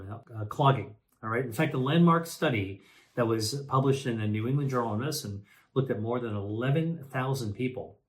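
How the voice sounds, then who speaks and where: A man's voice: medium pitch, darkish tone. A man, a physician, explaining health topics to camera in a conversational way, with many fillers and self-corrections, often checking in with "all right" and repeating key points.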